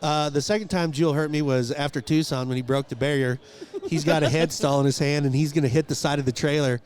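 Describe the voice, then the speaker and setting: A fast-talking man with a fairly high, clear, resonant voice co-hosts a relaxed rodeo podcast recorded outdoors at the event. He spins funny stories in casual chat, playfully performing each quote.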